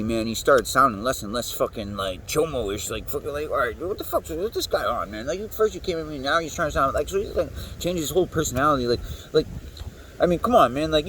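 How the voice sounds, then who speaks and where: A man rambles through a profane monologue, and his pitch swings widely as he talks. He sounds a little far from the mic, and faint noise runs underneath. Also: a bit bright. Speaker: show host.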